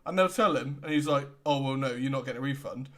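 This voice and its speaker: A young man with a British accent, co-hosting a casual podcast, relaxed and laughing often as he retells customer exchanges. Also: mid-range voice, fast. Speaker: podcast co-host. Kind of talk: casual chat.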